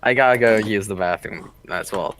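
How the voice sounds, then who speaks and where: A man playing a tabletop game, relaxed and quick to laugh. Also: fairly low pitch, noisy background. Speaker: player.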